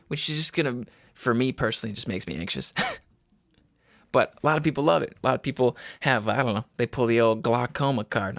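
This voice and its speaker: Gravelly, profane young man rambling. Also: medium pitch, a bit bright, no echo, studio quality. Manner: rambling, profane, laughs at himself. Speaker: podcast host. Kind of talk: casual solo podcast monologue. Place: a home room.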